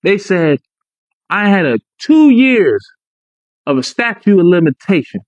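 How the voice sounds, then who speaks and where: A man's voice: high-pitched, very animated, a little slow, a little mellow, dry recording. A man telling his own story emphatically, repeating his points and checking in with "right?". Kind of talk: emphatic personal account. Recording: dry, muffled lo-fi audio.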